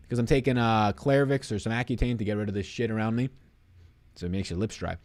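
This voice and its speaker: A man's voice: on the low side, fast. A young man hosting a sports betting livestream, signing off in a rambling, profane, joking way and out of breath. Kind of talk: casual livestream sign-off chat.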